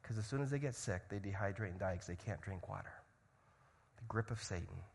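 A man preaching a sermon as a missionary, swinging from loud urgency to hushed storytelling. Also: fairly low pitch, a little fast, vocal fry, husky, long reverb tail. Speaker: missionary speaker.

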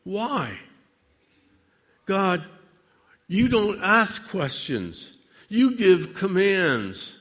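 A man preaching a dramatic sermon monologue addressed to God, with measured, theatrical delivery and long pauses. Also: sits high, big pitch swings, a bit bright, long reverb tail.

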